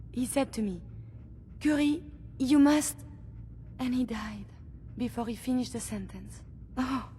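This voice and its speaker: An actress voicing a robot mind newly woken in a synth woman's body, speaking slowly and with wonder in a game. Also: a little high, dark tone, slight background noise, natural voice. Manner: slow, wondering, halting. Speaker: game character.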